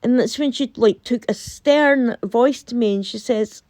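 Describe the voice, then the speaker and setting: A woman's voice: on the high side, measured pace, hardly any pauses, dry recording. A woman with a Scottish accent, casually telling a storytime tale and acting out both sides of a conversation. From Scotland. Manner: animated, quotes herself and her friend in dialogue.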